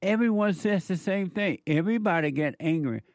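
A man's voice: high voice, lively intonation, moderate pace, dry recording. A male counselor delivering a preachy monologue, firing off emphatic rhetorical questions in a scolding tone.

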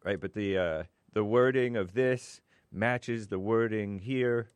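A man with a lowish voice talking in a dry, close-miked sound. He rambles in a hesitant way, correcting himself as he goes in a relaxed, casual chat. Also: takes it slowly, clear, resonant tone, no echo. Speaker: layman in a church discussion. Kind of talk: casual conversation.

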